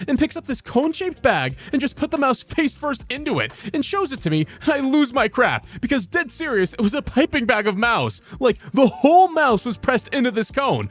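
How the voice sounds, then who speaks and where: A man voice actor reading funny posts aloud in an animated, expressive comedic narration. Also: very high voice, fairly quick, few pauses, no echo, soft background music. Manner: animated, expressive, swings between many voices.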